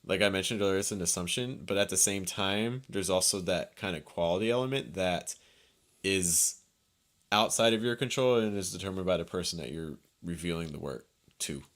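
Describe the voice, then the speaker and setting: A man co-hosting a casual poetry talk, explaining his views in a thoughtful, measured way. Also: low-pitched, fairly bright tone. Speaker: podcast co-host. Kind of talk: casual conversation.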